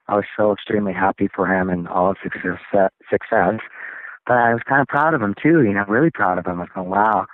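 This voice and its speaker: A man, a rock singer, telling stories as an interview guest, acting out other people's lines in excited, high voices. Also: dry recording. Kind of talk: casual storytelling interview. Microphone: phone. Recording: tinny, dry phone line.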